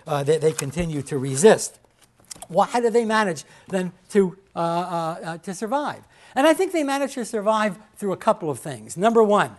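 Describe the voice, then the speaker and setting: A man delivers a history lecture to a class in a halting, emphatic way. He stumbles through fillers and restarts, then repeats his key points for emphasis. He points to slides and checks in with his listeners as he goes. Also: sits high.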